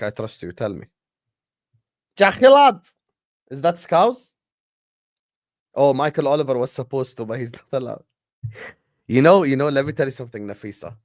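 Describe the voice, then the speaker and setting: A man's voice: mid-range voice, a little mellow, no room sound, studio quality. A man hosting a casual football livestream, chatting with viewers and slipping in Arabic phrases. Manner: chatty, talks to the chat, switches into Arabic phrases. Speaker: football stream host.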